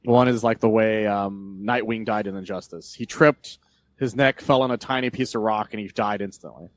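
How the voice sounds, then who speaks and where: Rambling, swearing podcast host. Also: male voice, lowish voice, moderate pace, no room sound. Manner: rambling, animated, swears freely, retells scenes. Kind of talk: casual chat about comics.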